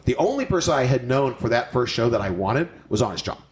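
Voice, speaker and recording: A Southern Californian man, a wrestling promoter as guest, speaking in a halting way with frequent restarts. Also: medium pitch. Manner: halting, restarts, expressive reactions. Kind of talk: casual interview chat.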